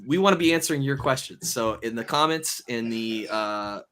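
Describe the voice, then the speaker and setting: A man with a mid-range, fairly bright voice hosts and moderates a casual livestream panel discussion. Measured in manner, he lays out his argument step by step, using lots of fillers along the way.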